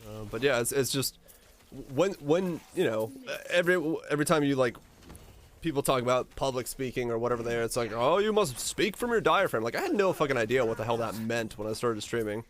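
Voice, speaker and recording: A male streamer chatting casually with his viewers in a relaxed, rambling way, his deep voice supported from the diaphragm. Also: quick pace, a little hiss or hum. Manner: rambling and relaxed, with frequent restarts.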